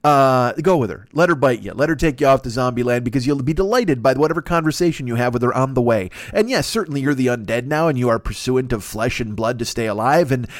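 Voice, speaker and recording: A man hosting a podcast, telling stories in a rambling, profane, excitable comedic monologue. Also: medium pitch, quick pace, few pauses, no room sound, clean studio sound. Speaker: podcast host.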